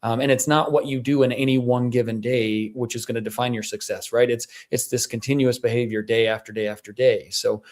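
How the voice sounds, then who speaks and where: Male clinician co-host, relaxed chat, talks through patient examples. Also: mid-range voice, a little fast, few pauses. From Southern Utah. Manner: explains through patient stories, many restarts. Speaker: wellness podcast co-host, clinician. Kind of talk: casual conversational podcast talk.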